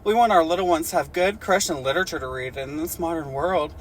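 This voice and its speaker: A woman's voice: low-pitched, fast talker, slight background noise. A woman co-hosting a comedy podcast, reading a fan story aloud and mocking it with giggles, swearing and silly voices. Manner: giggly, profane, mocking the text with put-on voices. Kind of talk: casual comedic reading and chat.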